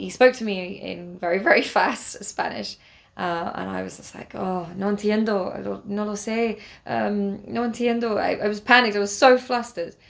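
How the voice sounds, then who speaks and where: English woman with a gravelly voice. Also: fairly low pitch. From England. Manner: rambling, many fillers and restarts; spiritual, earnest. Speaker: travel vlogger. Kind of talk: casual spoken travel diary.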